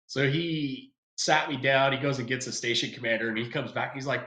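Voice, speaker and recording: A man's voice: medium pitch, a little fast, hardly any pauses. A man in his forties, a retired soldier, telling a story in a casual podcast chat and acting out the people he quotes. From United States. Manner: animated, acts out quoted voices, swears freely. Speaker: podcast guest. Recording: echoey room.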